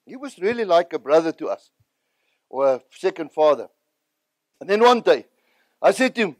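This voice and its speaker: A man's voice: on the high side, big pitch swings, moderate pace, pauses often, a little mellow, no room sound. A South African man, an evangelist, telling his personal testimony in an earnest, emotional way.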